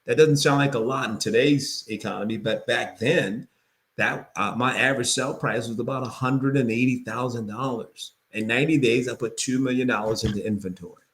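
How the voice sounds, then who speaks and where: A man coaching real estate agents in an energetic sales pitch, repeating phrases for emphasis. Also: fairly quick.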